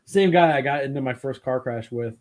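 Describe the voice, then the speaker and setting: A man's voice: medium pitch, fairly quick, a little mellow. Swearing, rambling storyteller man. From Italian heritage. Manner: rambling storyteller, swears freely, acts out quotes. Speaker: podcast host. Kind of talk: casual chat.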